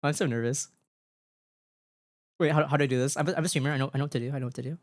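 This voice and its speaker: A woman's voice: extremely low pitch, fairly even intonation, rapid-fire, no room sound, studio quality. A woman streamer chatting live with her viewers, giggly and flustered, often repeating herself in a cutesy, playful way. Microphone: desk microphone.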